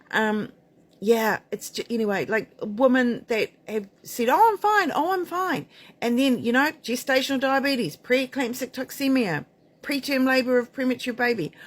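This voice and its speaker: A woman's voice: mid-range voice, a bit bright, breathy edge. Blunt, emphatic woman midwife. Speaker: midwife and maternity author. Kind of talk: candid talk to camera.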